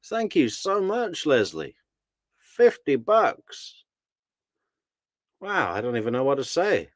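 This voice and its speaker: A man's voice: medium pitch, huge pitch swings, a little slow, no room sound. A man hosting a casual true crime live stream, chatty and laughing as he thanks viewers by name. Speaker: true crime commentary host.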